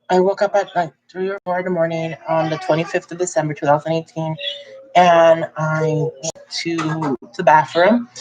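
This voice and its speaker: A young adult woman telling a personal story in a casual, chatty way, jumping up in pitch when she quotes people. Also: low-quality recording. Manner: chatty, animated when quoting others. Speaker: vlogger.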